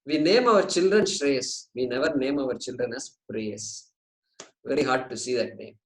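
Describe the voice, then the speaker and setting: A man giving a scripture class, explaining Sanskrit terms slowly and with light jokes. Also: medium pitch, echoey room, rough recording. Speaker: Vedanta teacher.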